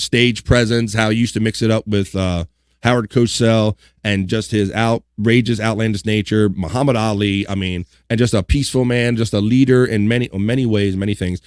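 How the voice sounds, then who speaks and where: A man's voice: on the low side, no echo, clean studio sound. A man hosting a live online talk show, chatting casually and reading out history items with joking asides. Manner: relaxed, joking asides, reads items aloud. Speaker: livestream host.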